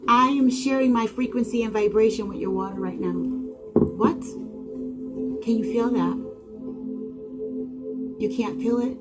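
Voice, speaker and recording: A woman with a slightly high voice delivers a spiritual monologue, firing off dramatic rhetorical questions. She swings from loud exclaiming to hushed, intimate lines. Singing bowl music rings clearly beneath her. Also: fairly even intonation, a little slow, long pauses. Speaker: channel host.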